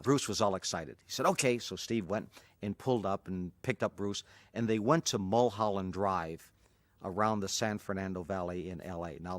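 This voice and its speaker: A man's voice: lowish voice, no echo. An older man, a martial arts instructor, telling an anecdote in an interview and acting out the people in it. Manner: animated, acts out voices of people in the story.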